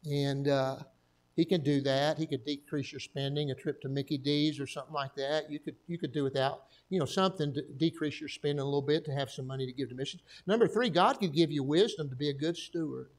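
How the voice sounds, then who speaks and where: A man's voice: on the high side, fast talker. An older man, a pastor preaching a folksy sermon and telling stories with jokes and asides. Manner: folksy, joking storyteller with frequent asides.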